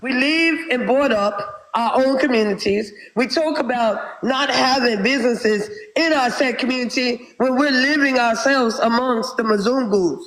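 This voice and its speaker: A woman from South Texas speaking as a guest in a live online debate, halting at first and then steady and insistent. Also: fairly high pitch, rough recording.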